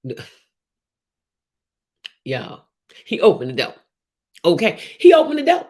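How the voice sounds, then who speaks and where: A woman's voice: fairly low pitch, wildly swooping pitch, slow, darkish tone. A woman hosting a casual livestream, talking emphatically with many restarts and repetitions and reading out viewer comments. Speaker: host of a livestream show.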